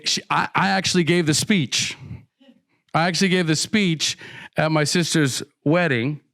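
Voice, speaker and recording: A man's voice: dry recording, clean studio sound. A middle-aged man telling his recovery story to an audience, acting out the voices of the people in it. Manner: dramatic storytelling, acts out dialogue with sharp pitch swings.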